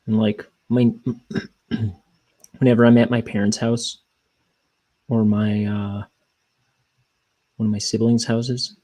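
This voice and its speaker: A man's voice: lowish voice, flat delivery, slow, pauses often, mellow, rough recording. A young man chatting casually on a livestream, rambling and self-deprecating, with hesitant restarts. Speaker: cartoonist streamer.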